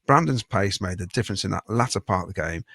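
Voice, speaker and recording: A man's voice: on the low side, lively intonation, fast talker, creaky, a bit bright. A man hosting a casual football fan podcast, chatting, laughing often and reading out viewer messages.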